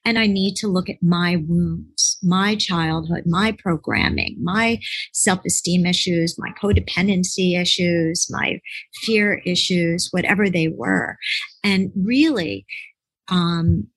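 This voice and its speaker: Husky, low-pitched woman telling a rambling story. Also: takes it slowly, no room sound, low-quality recording. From United States. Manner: rambling, animated, acts out quoted voices. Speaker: author and relationship expert, podcast guest. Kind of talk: casual interview storytelling.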